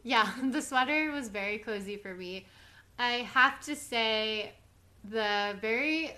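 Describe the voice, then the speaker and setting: A woman's voice: on the high side, sharp tone. A woman co-hosting a podcast in casual chat, chatty and laughing often. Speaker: podcast co-host.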